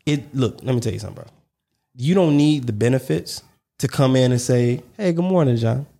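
A man's voice: medium pitch, brisk, gravelly, mellow. A man co-hosting a casual podcast discussion, talking emphatically and repeating his points to drive them home. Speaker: podcast co-host.

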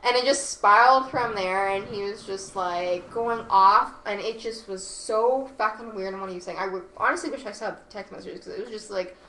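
A woman's voice: medium pitch, a little fast, hardly any pauses. A woman guest on a podcast telling a personal story in casual chat, full of "like" and free swearing. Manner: animated, heavy use of "like", swearing freely. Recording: echoey room with faint noise.

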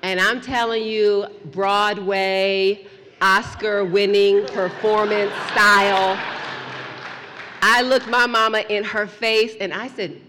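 A woman telling a story to an audience in an animated, playful way, dropping to a hush for suspense. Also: medium pitch, takes it slowly, big-room sound, background noise. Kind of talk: lively storytelling talk.

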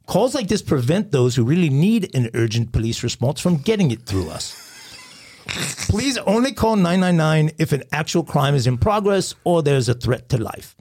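A middle-aged man co-hosting a crime news podcast, telling stories in a joking, lively way. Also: on the high side. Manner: joking, animated storyteller, swears casually. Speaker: podcast co-host. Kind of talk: casual crime news chat, storytelling.

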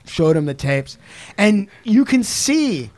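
A young man recounting a crime case on a podcast, his voice sitting a little higher than most men's. He talks loosely and profanely, and he jumps into quick asides as the story rolls along. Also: very animated, darkish tone. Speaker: podcast co-host. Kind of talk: casual true-crime storytelling.

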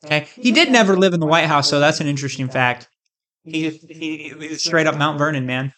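A man's voice: fairly high pitch, a little fast, a bit bright. A man from the United States, a vlogger, talking straight to camera in a hyped, rambling, jokey rant with crude asides. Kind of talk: casual comedic rant to camera.

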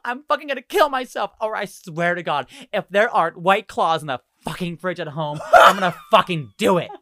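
A man's voice: expressive, brisk, bright, forceful tone, exaggerated voice. A man voicing a drunk, furious young woman who rants melodramatically and swears a lot. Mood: drunk ranting. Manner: shrill, profane, ranting.

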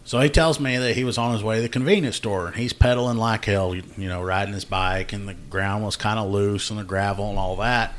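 A law enforcement officer hosting a casual podcast tells a work story about a call-out, acting out what people said and laughing often. His voice is lowish and brisk, with few pauses.

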